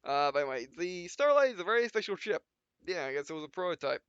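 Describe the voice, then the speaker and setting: A man casually commenting on a game he is playing, rambling and correcting himself as he stumbles. His voice is high, bright and smooth. The recording is dry and slightly lo-fi. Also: very animated, fast talker, no echo. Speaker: let's play host.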